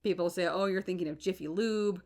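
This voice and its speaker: A woman hosting a solo podcast, talking in an animated, emphatic and incredulous way. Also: fairly low pitch, a little fast. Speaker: podcast host.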